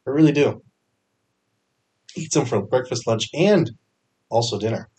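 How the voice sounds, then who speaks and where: This fantasy sports podcast host has a husky, medium-pitched voice and keeps a measured pace. He talks through his picks energetically and informally, with plenty of fillers and self-corrections.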